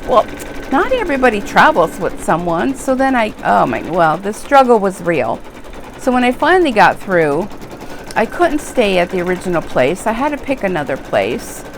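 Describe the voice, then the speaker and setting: A woman's voice: a little high, noisy background. A middle-aged woman hosting an embroidery video, talking in a rambling, chatty way while she works. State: tearful at times. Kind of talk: casual chat while crafting.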